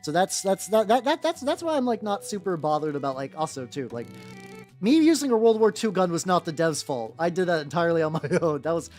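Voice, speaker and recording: Male streamer chatting with chat, lively up-and-down delivery, loose rambling talk, faint music underneath. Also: high-pitched. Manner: rambling, halting, many restarts and fillers. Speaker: streamer painting miniatures. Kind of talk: casual livestream chat with viewers. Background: faint background music.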